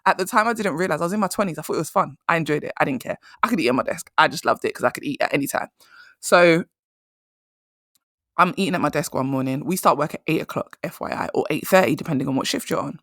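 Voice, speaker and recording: A woman, a podcast host and coach telling a story in a blunt, animated way with frequent laughs. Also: low-pitched, fast, no echo, studio quality. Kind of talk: casual storytelling monologue.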